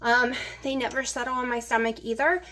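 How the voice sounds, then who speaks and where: A woman's voice: fairly high pitch, level tone, fairly quick, pushed and bright. A woman chatting casually as she cooks in her home kitchen, rambling with plenty of fillers. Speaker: vlogger. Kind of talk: casual kitchen vlog chat.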